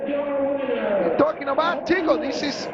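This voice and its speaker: Man, wrestling color commentator, raspy gravelly high voice, theatrical, lo-fi TV sound. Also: animated, slow pace, heavy background noise. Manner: theatrical, broken English, grandiose. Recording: dull lo-fi TV broadcast audio.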